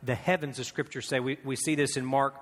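A man's voice: medium pitch, steady tone, fairly quick. A man preaching a sermon in a conversational way, firing off rhetorical questions and repeating key phrases. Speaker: pastor. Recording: long hall reverb.

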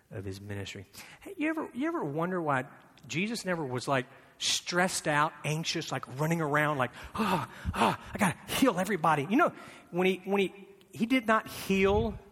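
A male pastor delivers a sermon with a bright, forceful, slightly higher voice. He speaks conversationally, leaning on rhetorical questions and repetition. The sound carries a long hall reverb.

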